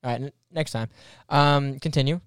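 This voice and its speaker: A man's voice: mid-range voice, moderate pace, clean tone, no room sound, studio quality. A young man hosting a casual game among friends, laid-back and brief. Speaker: game host.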